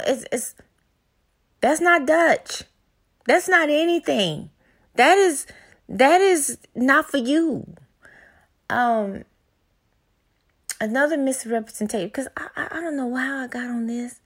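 Loud mouthed woman, AAVE, cussing thru a comedy rant, kinda high voice. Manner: brash, animated, profane. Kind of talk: explicit comedic monologue.

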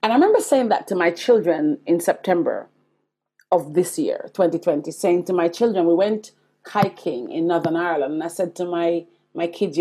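A woman's voice: on the low side, lively intonation, moderate pace, warm tone, breathy edge. A Jamaican woman in her forties, hosting a podcast and telling her own life story in an earnest, confiding way, speaking straight to her listeners. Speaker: podcast host. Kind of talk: personal storytelling monologue.

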